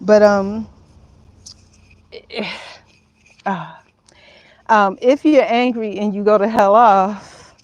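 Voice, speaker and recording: A frank woman in her fifties chats casually at home in a middle-pitched voice. She rambles from thought to thought, laughs easily and swears without fuss. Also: drawn-out words, pauses often, no room sound, rough recording. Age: 50s. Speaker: vlogger. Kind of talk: casual talk to camera. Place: at home, indoors.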